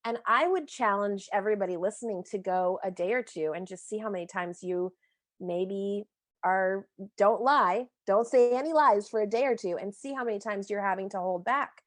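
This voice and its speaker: A woman's voice: mid-range voice, moderate pace, no echo. Brief: woman guest on a podcast, reflective and candid, dry close sound. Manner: reflective, candid, laughs easily. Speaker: podcast guest, founder and author. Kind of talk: casual interview conversation.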